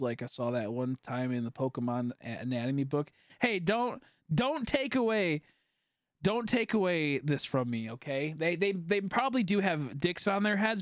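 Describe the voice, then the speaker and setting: A man's voice: mid-range voice, no room sound, clean studio sound. A young man chatting casually on a livestream, rambling and joking and laughing often as he talks. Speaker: streamer.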